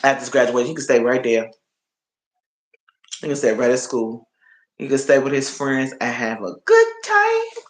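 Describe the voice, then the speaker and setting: A man's voice: medium pitch, sing-song, normal speed, long pauses. A man chatting casually on a live stream, rambling and repeating his words as he talks to viewers. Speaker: livestreamer. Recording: roomy echo.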